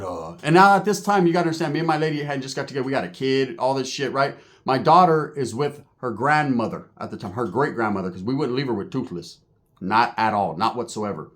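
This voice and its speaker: A man telling a story in a casual, animated and profane streetwise way. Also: medium pitch, fast talker.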